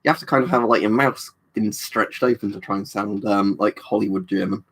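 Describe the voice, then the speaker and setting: A man's voice: on the low side, fairly even intonation, a little fast, a bit bright. A man chatting casually on a live stream, reading out chat messages, swearing freely and rambling with fillers.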